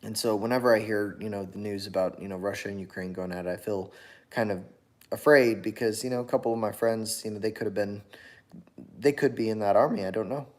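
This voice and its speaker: Tired man, low voice, rambling monologue. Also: a little fast, darkish tone. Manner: rambling, with many fillers and restarts. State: tired after a long workday. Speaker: channel host. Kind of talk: casual political monologue.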